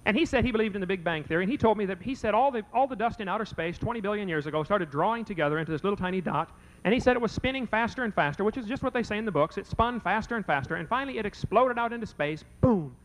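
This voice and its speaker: A man's voice: high-pitched, lively intonation, rapid-fire, few pauses, fairly bright tone, a little hiss or hum. A man giving a folksy, joking lecture-style anecdote in a debate, firing off rhetorical questions. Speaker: creationist speaker in a debate. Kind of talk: storytelling lecture.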